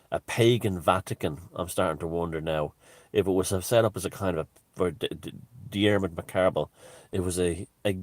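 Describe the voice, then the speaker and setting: Deep-voiced rambling Irish man. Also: no room sound. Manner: digressive, halting, many restarts and asides. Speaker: vlogger. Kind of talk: rambling casual monologue.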